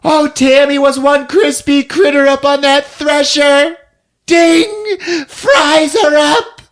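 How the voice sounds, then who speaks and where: A man voicing a furious, grieving middle-aged small-town mother who yells vicious insults in a shrill voice. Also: fairly even intonation, takes it slowly, heavily acted. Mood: enraged. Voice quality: shrill, yelling.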